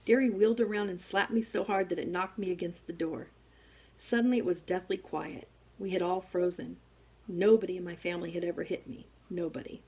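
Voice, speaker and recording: A woman reading a first-person novel aloud as an audiobook, with expressive storytelling. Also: fairly low pitch, a little fast, husky. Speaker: audiobook reader.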